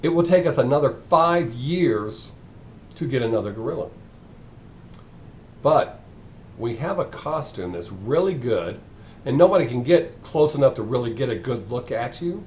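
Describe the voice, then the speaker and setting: A matter-of-fact zoo manager pitches an odd job with a lively, rising and falling voice. A man plays him in a joke. A faint rumble hums below. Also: normal speed, pauses often, natural voice. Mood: persuasive. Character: smooth-talking male zoo manager, businesslike.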